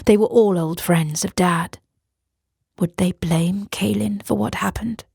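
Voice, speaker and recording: A woman narrating a horror audiobook in a measured way. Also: medium pitch, steady tone, gravelly, a little mellow, slightly rough, no room sound, clean studio sound.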